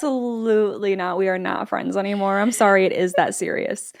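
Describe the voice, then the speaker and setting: A young woman co-hosting in casual chat, chatty and quick to laugh, full of "like". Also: mid-range voice, steady tone, creaky, dry recording, studio quality. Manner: chatty, laughs often, uses filler "like". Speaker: podcast co-host.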